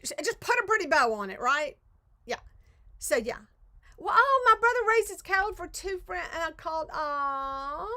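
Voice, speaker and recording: A woman's voice: on the high side, gravelly, fairly bright tone. A woman, chatting casually on a craft livestream, rambling and self-deprecating, often trailing off mid-thought. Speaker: crafting vlogger. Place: home craft studio.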